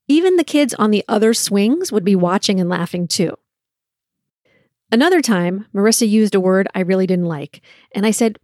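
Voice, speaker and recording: A woman's voice: medium pitch, moderate pace, no echo, studio quality. A woman in her forties hosting a solo podcast, telling parenting stories and acting out the lines she said. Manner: storytelling, lively when acting out quotes.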